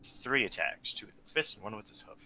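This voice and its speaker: A man running a tabletop game as game master, reading out monster attacks in a brisk, matter-of-fact way. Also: lowish voice, lively intonation, pushed and bright, faint music behind.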